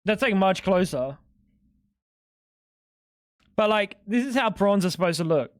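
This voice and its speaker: A man's voice: high voice, animated, unhurried, dry recording, studio quality. A man chatting casually on a live stream, rambling and sweary, with lots of "like". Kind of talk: casual chat while gaming.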